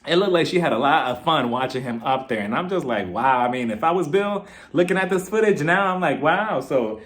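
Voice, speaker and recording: A man giving a casual, gossipy recap of a reality TV episode, animated and often laughing. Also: on the high side, quick pace. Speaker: TV show reviewer.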